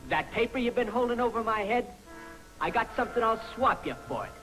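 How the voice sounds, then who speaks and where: An actor playing a nervous army clerk in a 1950s film comedy, anxious and stammering. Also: male voice, extremely high pitch, lively intonation, a little fast, fairly bright tone, soft background music, poor audio.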